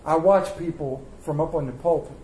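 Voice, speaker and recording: A man's voice: fairly high pitch, moderate pace, warm tone, roomy sound, slight background noise, poor audio. A man preaching a sermon in a folksy storytelling way, acting out the voices in his stories. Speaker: pastor. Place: church.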